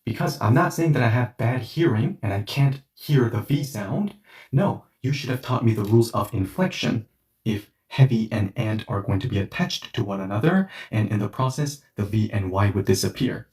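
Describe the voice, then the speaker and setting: A man's voice: lowish voice, lively intonation, normal speed, darkish tone, recorded from a distance. A man teaching a language lesson, explaining points through made-up everyday scenarios in a conversational way. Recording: roomy echo, voice set back from the mic.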